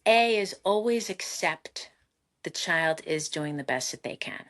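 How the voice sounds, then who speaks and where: Middle-aged woman, psychotherapist guest, animated and expressive, slightly low voice. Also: unhurried. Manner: animated, expressive, laughs often, acts out quotes. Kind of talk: podcast interview, giving parenting advice.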